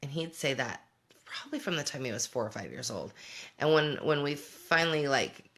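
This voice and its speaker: This woman's low, expressive voice moves at a normal speed and carries a fairly bright tone. A middle-aged homeschooling parent and show host, she chats reflectively on a casual livestream, fielding viewer comments as she goes.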